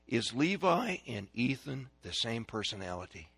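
An older man giving a folksy, sermon-style talk on raising children, animated, acting out stories and drills. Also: mid-range voice, moderate pace, slightly rough, dry recording, clean studio sound. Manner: animated storyteller, shouting drills to kids. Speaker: speaker on parenting.

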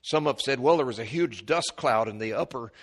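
A man preaching an expository sermon, reading scripture aloud and explaining it, his voice climbing high and loud when he quotes the mockers. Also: lively intonation, fairly quick, big-room sound. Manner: rises sharply in pitch and volume when quoting mockers; reads scripture in King James wording with commentary.

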